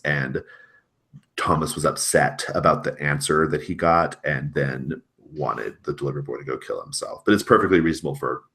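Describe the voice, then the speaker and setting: A man narrating as game master of a tabletop role-playing game, animated and casual. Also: rumbling low. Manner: animated, casual, many fillers.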